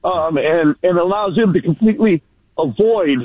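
High, breathless man on a phone line. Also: moderate pace, no echo. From San Francisco Bay Area. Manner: blunt and bitter, with many ums. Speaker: caller. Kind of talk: call-in radio comment. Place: outdoors at work. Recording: tinny dry phone line.

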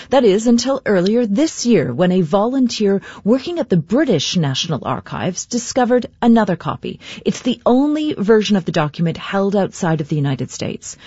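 A woman anchoring a news bulletin, reading scripted stories in a measured, formal way. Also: mid-range voice, warm tone, husky, no room sound, highs cut off.

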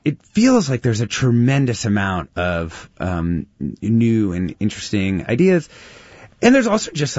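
A man's voice: on the low side, dry recording, dull audio. A man hosting a radio call-in show who talks animatedly, laughs easily and trails off mid-sentence. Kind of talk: casual radio chat.

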